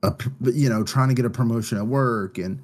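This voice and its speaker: A man's voice: medium pitch, fairly quick, a little mellow. A man co-hosting a podcast in casual chat, talking in a loose, rambling way full of fillers, anxious about his first baby. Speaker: podcast co-host.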